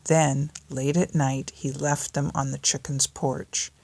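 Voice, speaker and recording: An older woman, a grandmother, gently reading a bedtime story aloud in a home recording. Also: extremely low pitch, level tone, takes it slowly, creaky, dry recording.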